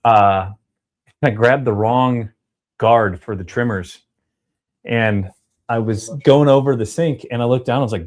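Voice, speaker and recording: A man hosting a casual livestream, chatty and upbeat as he reads out viewer donations and shout-outs. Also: medium pitch, expressive, moderate pace. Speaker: livestream host reading super chats.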